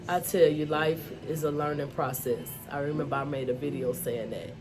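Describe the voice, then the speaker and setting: A woman's voice: low voice, normal speed, music in the background. A woman telling her own life story to the camera in a candid, emphatic way, often saying "you know" and "y'all". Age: adult, mother of school-age children. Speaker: vlogger. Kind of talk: personal storytelling vlog.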